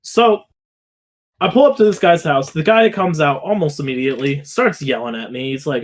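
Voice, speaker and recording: A young man co-hosting a podcast speaks in an animated, higher-leaning voice at normal speed. In casual chat, he tells rambling, profane stories that slide into rants.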